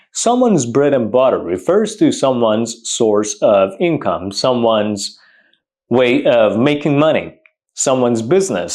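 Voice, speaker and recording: A man's voice: medium pitch, a little mellow. A man teaching English idioms to camera, emphatic and repetitive, piling up synonyms.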